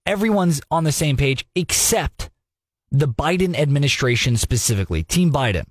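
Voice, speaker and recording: Animated young male radio talk host. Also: fairly high pitch, normal speed, no room sound. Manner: animated, sarcastic, mocking impressions with laughs. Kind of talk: conversational news commentary.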